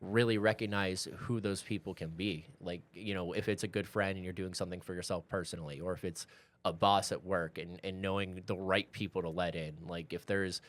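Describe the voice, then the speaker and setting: Deep-voiced, rambling man. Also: steady tone, brisk. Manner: reflective and rambling, with many fillers. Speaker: podcast co-host. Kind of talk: casual chat.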